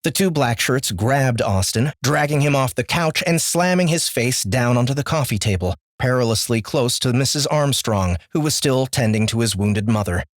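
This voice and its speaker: A man narrating an audiobook in a measured, clear voice. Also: mid-range voice, lively intonation, no echo, clean studio sound. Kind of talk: scripted narration.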